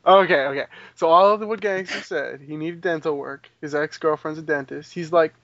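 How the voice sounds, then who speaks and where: A man's voice: a little high, fairly quick, dry recording, dull audio. A man co-hosting a casual gaming podcast, telling stories with lots of laughter and swearing. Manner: animated storyteller, laughs and swears freely. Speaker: podcast co-host.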